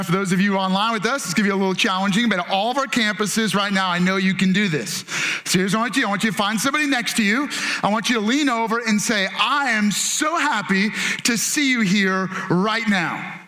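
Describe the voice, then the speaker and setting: A man in his thirties preaching a sermon as pastor, playful and animated, acting out family moments. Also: sits high. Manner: playful, animated storytelling with acted-out quotes.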